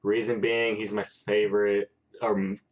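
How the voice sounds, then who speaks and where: A man co-hosting a casual chat, speaking haltingly with many pauses. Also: fairly low pitch, flat delivery. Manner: halting, many fillers and restarts. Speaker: co-host. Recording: dull lo-fi sound.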